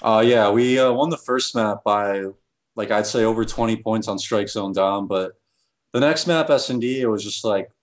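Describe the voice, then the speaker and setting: A man's voice: lowish voice, moderate pace. A man answering interview questions as a professional gamer, hesitant and full of restarts.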